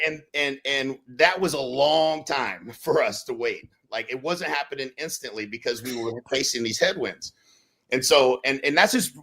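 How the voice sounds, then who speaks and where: A man speaks in a bright, forceful voice. He talks casually and keeps things animated, breaking into loud acted-out quotes as he tells stories on a podcast. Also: mid-range voice. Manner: animated, acts out quotes with sudden loud bursts. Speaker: real estate brokerage leader on a podcast.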